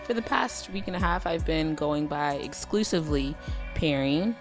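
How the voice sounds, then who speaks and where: A woman co-hosting a podcast in casual chat, joking and giggly with quick comebacks. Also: deep voice, lively intonation, over music. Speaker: podcast co-host.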